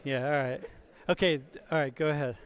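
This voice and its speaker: Casting: male lecturer from Ohio, slightly high voice, teasing classroom banter, talks to students in a big hall. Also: crowd noise. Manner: chatty, teasing, quick restarts. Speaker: university lecturer.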